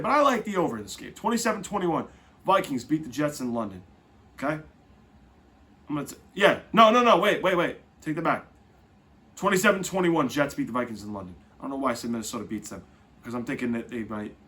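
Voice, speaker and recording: Lively man hosting a football podcast. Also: a little high. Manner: lively, swings loud and soft, self-correcting. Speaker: podcast host. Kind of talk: casual sports podcast talk.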